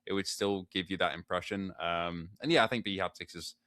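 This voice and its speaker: A man's voice: low-pitched, fairly quick, pushed and bright, clear, resonant tone, no echo, studio quality. A British man guesting on a gaming podcast, talking eagerly with many restarts. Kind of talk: casual chat.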